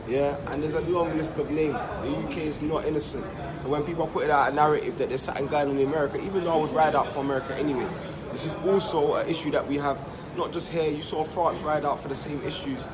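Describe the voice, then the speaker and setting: A man speaks emphatically outdoors at a street protest, over loud crowd noise. His voice sits slightly high, and he lists names with a chant-like rhythm. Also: steady tone, fast talker.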